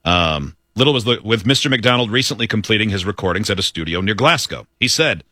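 A man's voice: on the low side, lively intonation, quick pace, sharp tone, dry recording, clean studio sound. A man hosting a casual morning radio show, reading news items aloud and joking with his co-hosts. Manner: reads news aloud with jokes and laughter.

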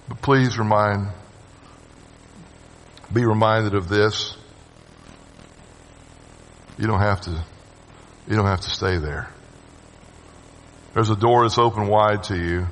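A man preaching a sermon to his congregation. His voice swings from loud urging to hushed, low phrases, and he calls on the listeners to answer him. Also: steady tone, slow, long pauses. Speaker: pastor. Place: church sanctuary with long reverb. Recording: reverberant church hall sound.

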